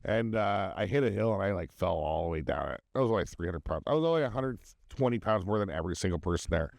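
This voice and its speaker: A man's voice: sits low, fast talker, creaky, dry recording. A man in his thirties co-hosting a podcast, telling profane stories in casual chat and slipping into voices for the people in them. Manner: profane, animated storyteller doing voices. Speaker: podcast co-host.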